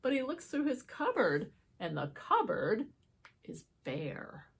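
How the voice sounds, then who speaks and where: A woman reading picture books aloud to children, expressive, with chatty asides to her young viewers. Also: high voice, unhurried, creaky, breathy edge. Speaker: children's book reader. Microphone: holds book up to camera.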